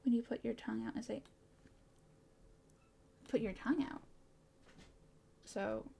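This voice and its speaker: Woman streamer, casual chat, a touch high-pitched, bubbly and giggly, stumbles over words. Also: a little slow, vocal fry, mellow, slight background noise.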